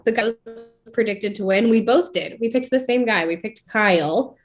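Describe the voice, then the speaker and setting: A woman's voice: medium pitch, normal speed. Chatty woman gossiping about a dating show. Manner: chatty, gossipy, laughs often. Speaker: podcast co-host. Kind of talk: casual chat.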